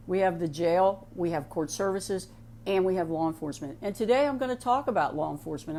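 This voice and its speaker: A middle-aged woman with an Ohio accent talks in a loose, conversational way. Her voice sits a little low, and she keeps slipping in "you know" asides and restarting her sentences as she speaks on a program. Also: darkish tone. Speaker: sheriff's office veteran speaking on a program. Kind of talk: casual monologue with a personal story.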